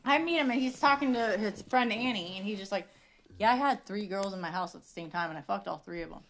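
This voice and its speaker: A woman hosts a podcast in a loose, casual chat. She tells stories with lots of swearing and quick laughs, and her voice sits at an everyday middle pitch. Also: a little hiss or hum. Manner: profane, laughing storyteller. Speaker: podcast host.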